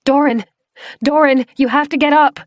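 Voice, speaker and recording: A desperate young woman begs and shouts in a high, strained voice, urgent and shrill, as a woman narrator puts her on. The sound is dry and close, with no room around it. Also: steady tone, normal speed, no echo, close to an everyday voice.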